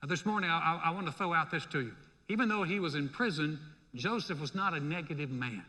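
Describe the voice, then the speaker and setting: A male pastor preaching a sermon in a church, in a lively, conversational way. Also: fairly high pitch, fast. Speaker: senior pastor. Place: church sanctuary. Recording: long reverb in a hall.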